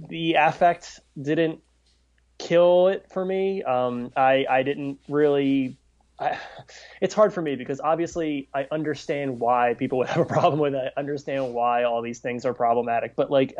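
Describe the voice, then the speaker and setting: A man's voice: mid-range voice, darkish tone. A man co-hosting a podcast, chatting casually and stumbling over restarts. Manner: chatty, many restarts and stammers. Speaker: podcast co-host. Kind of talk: casual chat. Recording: dull lo-fi audio.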